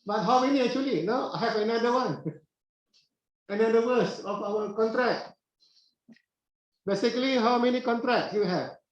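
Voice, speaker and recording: A high-pitched middle-aged man lectures in a classroom. He talks slowly, repeats himself and pauses on "uh", often asking the class questions. The room is very echoey and the sound is dull. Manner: unhurried, repetitive phrasing with frequent "uh" pauses and questions to the class.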